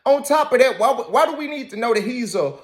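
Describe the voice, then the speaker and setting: A man hosts a reaction commentary with a high, animated voice. He scolds his subject with emphatic repetition. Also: brisk. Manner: scolding, emphatic, repeats phrases. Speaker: commentary host.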